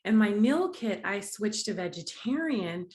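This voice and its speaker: A woman's voice: medium pitch, lively intonation, measured pace, darkish tone. Bubbly, chatty woman vlogging. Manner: chatty and bubbly, laughs often, restarts sentences. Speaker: vlogger, host of a diet challenge series. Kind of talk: casual chat to camera.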